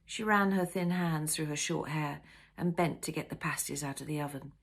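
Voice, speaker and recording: A woman author reading her own novel aloud in an unhurried storybook style, chatting easily between chapters. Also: deep voice. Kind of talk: storybook narration.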